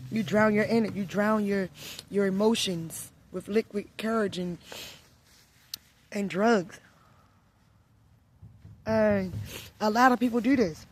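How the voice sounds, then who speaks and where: A woman's voice: mid-range voice, a little hiss or hum. A young adult woman vlogging about spiritual healing, candid and slangy, repeating phrases as she thinks aloud. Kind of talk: reflective personal storytelling.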